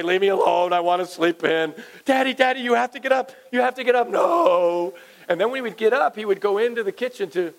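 High-voiced animated pastor, playful with kids. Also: male voice, poor audio. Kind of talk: children's sermon. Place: church sanctuary.

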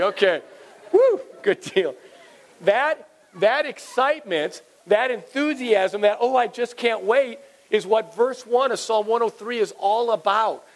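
A man in his forties, a pastor giving a playful, animated children's sermon to kids and parents in a church. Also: sits high, low-quality recording. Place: church sanctuary.

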